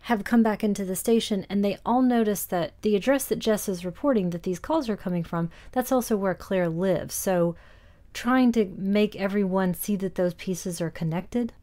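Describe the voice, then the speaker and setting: A woman's voice: mid-range voice, normal speed, mellow. A woman co-hosting a film podcast, recapping scenes in detail in a casual discussion and laughing easily. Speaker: podcast co-host.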